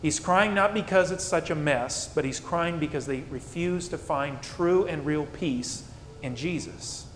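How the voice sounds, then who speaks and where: A man preaching a sermon as pastor, asking rhetorical questions and swinging between soft, low passages and emphatic peaks. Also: a little slow. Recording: echoey hall with faint rumble.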